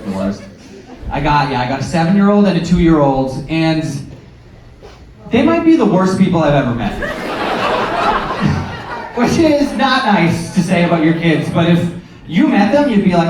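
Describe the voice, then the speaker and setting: A sarcastic man in his thirties doing stand-up, his voice sitting a little high and heard from a distance. The club is very roomy and echoey, with an audience laughing throughout. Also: a little slow, long pauses, a crowd in the background, background noise. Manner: sarcastic, deadpan asides and sudden acted-out voices. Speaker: stand-up comedian. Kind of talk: stand-up comedy set. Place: comedy club stage, from far off.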